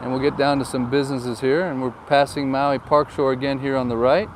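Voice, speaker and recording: A real estate agent vlogger drives and gives casual, jokey tour commentary, filmed on a phone. His voice is medium in pitch with little movement and a slightly fast pace, and he's chatty, full of anecdotes. Wind and traffic noise fill the windy outdoor phone recording from the car.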